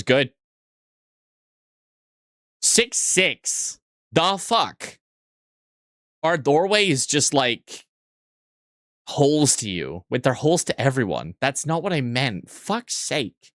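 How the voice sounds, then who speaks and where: A young man rattles through a casual live-stream chat, swearing freely and tossing off quick asides. His voice sits at an ordinary middle pitch and sounds dry and close, with no room around it. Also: a bit bright, no room sound.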